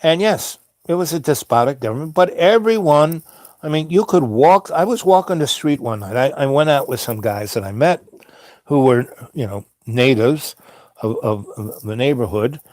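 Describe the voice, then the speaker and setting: A man's voice: medium pitch, animated, moderate pace, a little mellow, dry recording. Rambling New man telling a story. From New York. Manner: meandering, many fillers and restarts. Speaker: host.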